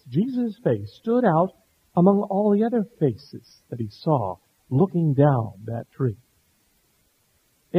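A middle-aged man preaching a sermon, earnest, dropping to a hush and then rising to stress a point. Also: sits high, slightly rough. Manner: earnest, swings between hushed and emphatic. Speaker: pastor. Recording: dull lo-fi sound.

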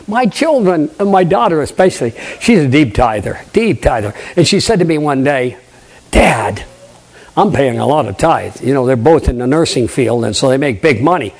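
An older man, a pastor, preaching a lively sermon, acting out conversations and questioning his congregation. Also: a little high, fairly quick, hardly any pauses. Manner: animated preaching, acts out dialogue, asks the congregation questions.

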